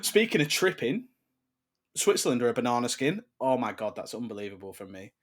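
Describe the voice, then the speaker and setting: Chatting casually about football as a podcast co-host, a young man speaks a little fast in a mid-range voice. He's lively and swears, breaking into loud rants once something gets under his skin.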